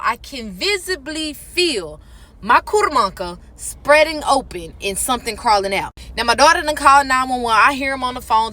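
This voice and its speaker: Animated high-voiced woman telling a story. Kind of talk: casual storytime narration.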